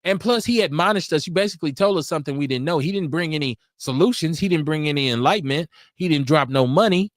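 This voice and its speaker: A man's voice: a little high, fast, hardly any pauses, no echo, studio quality. A man hosting a live online talk show, speaking bluntly and casually with lots of slang and animation. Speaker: host. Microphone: video call.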